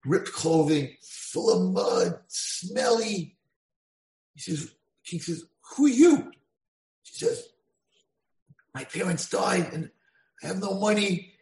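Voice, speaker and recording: A man's voice: fairly high pitch, takes it slowly, pauses often. A man giving a storytelling Torah lecture, acting out the voices of the figures in his stories. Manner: animated, acts out voices in dialogue. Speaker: rabbi lecturer. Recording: echoey room.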